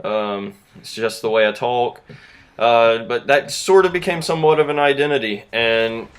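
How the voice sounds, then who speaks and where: A man's voice: mid-range voice, normal speed, clear, resonant tone. A man in his twenties with a Southern US accent, rambling through a casual story to camera. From Southern United States. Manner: rambling, easygoing, self-deprecating. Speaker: YouTuber.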